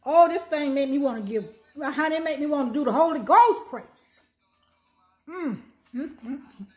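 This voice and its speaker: An older woman who is a minister, hosting a casual cooking vlog, talking warmly and preachily and humming over her food. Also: sits high, lively intonation, faint music behind. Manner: warm, preachy, tastes food with drawn-out hums.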